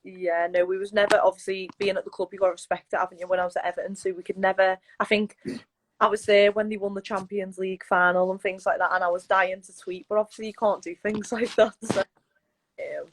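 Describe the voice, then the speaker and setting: A woman's voice: medium pitch, little pitch movement, brisk, rough recording. A young woman from Liverpool, chatting casually as a guest and laughing often. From Liverpool, England. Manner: laid-back, laughs often, many fillers. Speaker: guest footballer. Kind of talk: casual chat.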